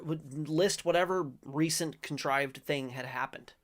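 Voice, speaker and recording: A man's voice: a little high, measured pace, few pauses. A middle-aged man hosting a faith-based commentary show, reading aloud and reacting in a rambling, self-correcting way with sudden emphatic bursts.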